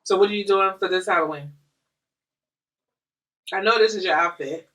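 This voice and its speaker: A woman's voice: mid-range voice, moderate pace, fairly bright tone, far from the mic, poor audio. A woman, the host's mother, chatting casually and cutting in to correct details. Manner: interjecting corrections. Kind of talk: casual chat.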